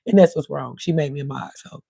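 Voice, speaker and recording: A woman's voice: low voice, fast talker, vocal fry, dark tone, slightly rough, no echo. A middle-aged woman, rambling casually to her viewers on a livestream, her voice cutting in and out. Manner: rambling, talks to viewers in chat. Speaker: livestream host.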